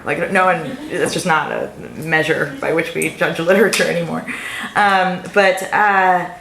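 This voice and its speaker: Low, gravelly-voiced woman, chatty storyteller. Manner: chatty, animated storyteller with quick asides. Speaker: visiting author. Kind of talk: casual talk and Q&A at a reading. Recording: echoey room with faint hiss.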